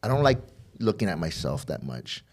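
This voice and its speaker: Speaking at normal speed with big swings in pitch, a middle-aged man whose voice is very deep and low recounts his own addiction and recovery on a podcast. His storytelling wanders and doubles back with repeated words, and he performs past conversations in the quoted parts.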